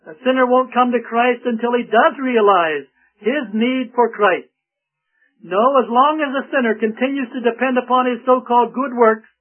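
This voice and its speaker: A man preaching a radio sermon in an earnest, emphatic manner. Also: very high-pitched. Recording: tinny lo-fi radio broadcast.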